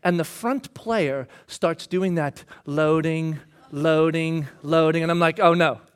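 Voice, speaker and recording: A man in his thirties, a pastor telling a self-mocking personal story in a sermon, animated and bursting into shouts when he re-enacts himself. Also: fairly high pitch, slow pace, clean tone.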